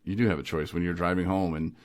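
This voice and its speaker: A man with a very low, deep voice hosts a casual podcast. He tells stories in an animated, lively way, laughs often and slips into other voices as he goes. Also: fast. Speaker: podcast host. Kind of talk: casual recovery podcast chat.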